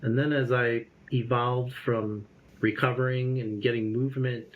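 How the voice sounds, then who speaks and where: A man in his fifties, a guest telling a personal story in an interview, lively and acting out the voices he remembers. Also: medium pitch, a little slow, narrow, tinny audio. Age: 50s.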